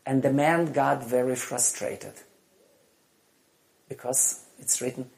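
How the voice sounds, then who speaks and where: Slow, emphatic woman preaching a sermon. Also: rumbling low, creaky. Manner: slow, emphatic delivery with wide swings between loud and soft.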